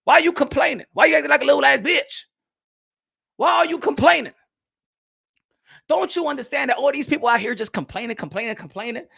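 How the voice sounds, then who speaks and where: A man ranting in a loud, profane, mocking commentary on boxing, now and then switching into Spanish phrases. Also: very high-pitched, fairly quick, gravelly, pauses often.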